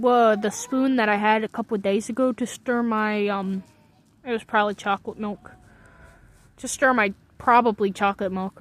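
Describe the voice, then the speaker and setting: Woman, slightly high voice, rambling to herself, casual musing commentary, bedroom on a bunk bed. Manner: muses aloud to herself, drifts between thoughts. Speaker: vlogger.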